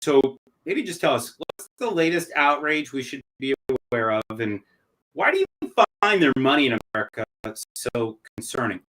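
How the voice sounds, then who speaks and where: A man's voice: mid-range voice, expressive, moderate pace, fairly bright tone, poor audio. A man hosting a policy podcast, asking questions in a wry, sardonic way. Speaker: host. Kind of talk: conversational podcast interview.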